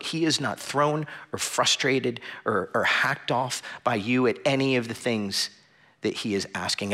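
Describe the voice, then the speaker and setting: A man's voice: a little high, pushed and bright. A man preaching a sermon as pastor to a small room and an online audience, earnest and conversational, with repeated phrases and restarts. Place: church sanctuary with a small audience.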